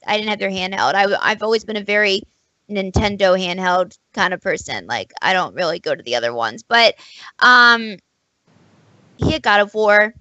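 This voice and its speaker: Bright, bubbly young woman telling a story. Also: medium pitch, no echo, poor audio. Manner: animated storytelling, acts out both sides of conversations, quick restarts. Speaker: podcast co-host. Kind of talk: casual chat.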